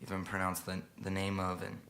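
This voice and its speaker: A man performing live, telling a story in a quiet, halting way before a song. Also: deep voice, monotone, creaky. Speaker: singer-songwriter performing live. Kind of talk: spoken story intro over guitar. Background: guitar playing.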